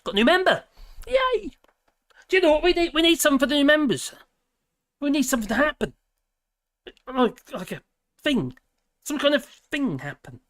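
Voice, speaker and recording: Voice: high voice, big pitch swings, fairly quick, long pauses, fairly bright tone, no echo. A host with a British accent chatting casually on a live stream, reading out viewer comments and humming between them. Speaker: livestream host.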